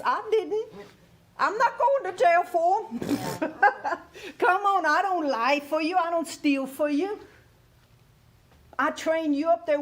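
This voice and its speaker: High-voiced woman sharing her life story. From Germany. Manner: candid, laughing, repeats "you hear what I'm saying". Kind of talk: testimony on a talk show.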